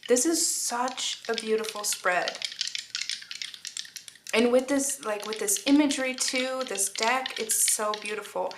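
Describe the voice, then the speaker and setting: A woman's voice: a little high, a little slow, background noise. A woman giving a casual spoken tarot reading, earnest and emotional, talking with many fillers and restarts. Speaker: tarot reader.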